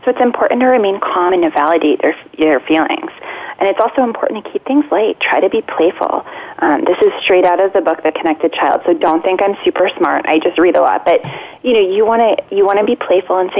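A woman who is an adoptive parent, a guest on a radio talk show, speaking gently and practically over a phone line. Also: fairly low pitch, brisk. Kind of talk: casual radio interview. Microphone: phone call.

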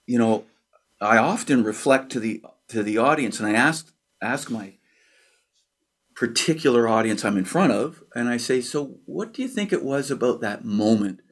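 A man from Canada, a percussionist and author, telling a childhood story in an interview, acting out quotes and sound effects, with pauses and fillers. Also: on the low side, slightly rough.

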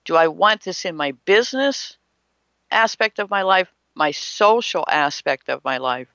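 Bright-voiced spiritual teacher. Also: medium pitch, expressive, measured pace, no room sound. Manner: emphatic, asks rhetorical questions, acts out imagined people. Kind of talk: motivational spiritual talk. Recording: slightly muffled, dry.

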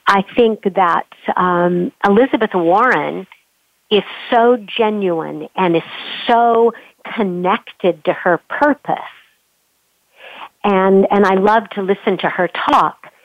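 A woman voice coach being interviewed, talking expressively and sometimes showing pitch changes with her own voice. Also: slow, no room sound, highs cut off. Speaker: voice coach guest. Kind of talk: remote interview conversation.

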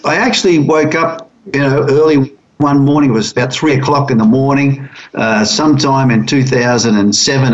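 A man speaking as a guest on a business radio interview, explaining his ideas in a thoughtful, halting way with many fillers. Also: medium pitch. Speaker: guest, business consultant and author. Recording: dull lo-fi radio recording.

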